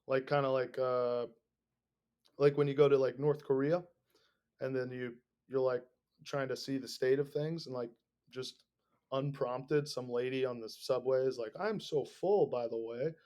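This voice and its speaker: A man's voice: mid-range voice, little pitch movement, normal speed, darkish tone, clean tone. A man hosting a podcast, ranting casually in a rambling, sarcastic, profane way. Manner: rambling, sarcastic, swears a lot. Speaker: podcast host.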